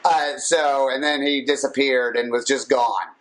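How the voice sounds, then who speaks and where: A man co-hosting a podcast in casual chat, telling stories in a profane, animated way and laughing often. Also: mid-range voice, unhurried, low-quality recording. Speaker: podcast co-host.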